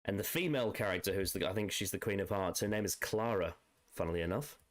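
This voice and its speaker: Podcast co-host: man with a lowish voice, casual, analytical, rambling with restarts. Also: fast. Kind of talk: casual chat.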